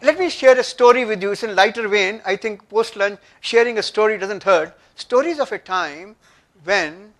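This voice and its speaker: Older indian guy lecturing a workshop, punchy, high-pitched for a man. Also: moderate pace, fairly bright tone. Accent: Indian English. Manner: emphatic, asks the audience questions. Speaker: workshop speaker. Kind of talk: motivational lecture. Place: conference room.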